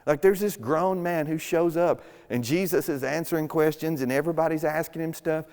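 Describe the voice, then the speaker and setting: A man's voice: fairly high pitch, a little fast, darkish tone, clean tone. A man preaching a sermon as pastor, retelling scenes casually and acting out the characters' lines. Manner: casual storytelling with acted-out quotes. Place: church sanctuary. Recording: long hall reverb.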